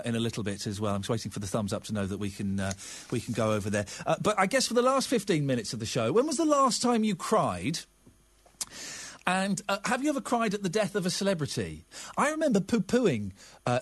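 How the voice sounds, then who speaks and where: Middle-aged man hosting a phone-in, animated and self-mocking, slightly high voice, close dry mic. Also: husky, no room sound. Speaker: radio presenter. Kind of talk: phone-in radio chat. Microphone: studio microphone.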